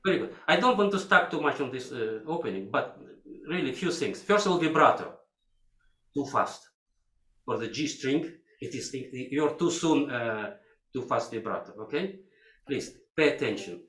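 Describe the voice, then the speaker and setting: An older male violin teacher coaches a violinist in a masterclass, speaking broken English and singing phrases to demonstrate, with violin playing in the background of an echoey hall. His voice is mid-range and sharp in tone, with lively intonation and a normal speed.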